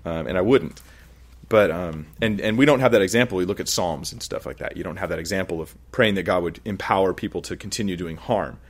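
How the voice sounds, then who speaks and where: A man's voice: sits low, brisk. A man preaching a sermon in a casual, conversational way, acting out little quoted asides and laughing now and then. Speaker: pastor.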